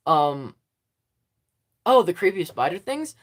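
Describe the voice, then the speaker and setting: A chatty livestream host talking straight into a phone at home, giggling often and losing the thread. The voice is mid-pitched, and the talk wanders through fillers and restarts. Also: very animated, slow pace. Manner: rambling and giggly, full of fillers. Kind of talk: casual livestream chat with viewers.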